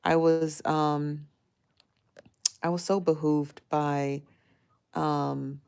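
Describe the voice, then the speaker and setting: Woman live-streamer, loose and rambling, a bit low in pitch. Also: level tone, drawn-out words, gravelly, a little mellow, clear, resonant tone. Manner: rambling, greets viewers by name, many fillers. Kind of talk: casual live-stream chat.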